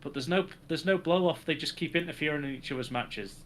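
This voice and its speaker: Bright-voiced man recapping wrestling. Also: on the high side, quick pace, a little hiss or hum. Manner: sarcastic, recaps segments with acted quotes. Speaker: podcast co-host. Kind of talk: casual wrestling chat.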